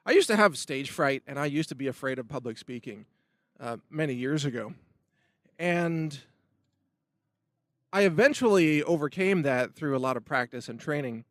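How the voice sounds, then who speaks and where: Emphatic rambling man, slightly high voice. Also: a bit bright, dry recording, studio quality. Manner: emphatic, rambling with restarts and asides. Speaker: host of a video commentary show. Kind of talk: solo opinion monologue.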